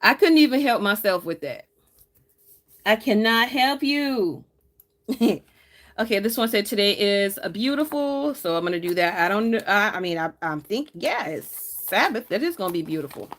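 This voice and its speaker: A woman's voice: medium pitch, animated, normal speed. A woman, chatting casually with her live chat as she decorates her planner, teasing viewers and laughing often.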